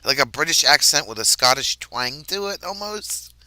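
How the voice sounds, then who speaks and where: Easygoing American man with a bright voice. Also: fairly high pitch, animated, normal speed, dry recording. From United States, mid-Atlantic region. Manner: easygoing, rambling, laughs often. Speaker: host. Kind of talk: casual chat.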